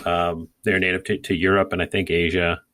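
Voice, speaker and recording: A man's voice: low-pitched, flat delivery, a little fast, fairly bright tone. A man co-hosting a podcast, talking casually and rambling with many fillers and restarts. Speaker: podcast co-host. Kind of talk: casual gardening chat.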